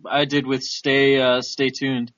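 Man, casual movie chat, joking, enthusiastic, bright tone, dry dull recording. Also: mid-range voice, completely flat delivery, takes it slowly, no room sound. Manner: joking, restarts sentences, enthusiastic. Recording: dull lo-fi audio.

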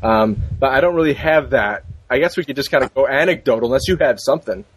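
A man hosts a podcast in loose, casual banter, rambling from joke to joke and restarting his sentences. His voice is slightly husky. He sits at a middling pitch for a man. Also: animated, quick pace, poor audio. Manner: rambling, joking, many restarts. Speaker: podcast host.

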